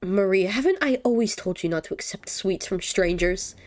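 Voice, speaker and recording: A woman's voice: mid-range voice, expressive, moderate pace, darkish tone, a little hiss or hum, lightly acted. A woman voicing a harsh young mother in a clipped, scolding tone while reading a visual novel aloud.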